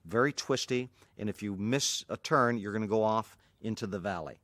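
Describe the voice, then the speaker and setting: A man's voice: on the low side, normal speed, dry recording. An older man, a martial arts instructor, telling an anecdote in an interview and acting out the people in it. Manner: animated, acts out voices of people in the story.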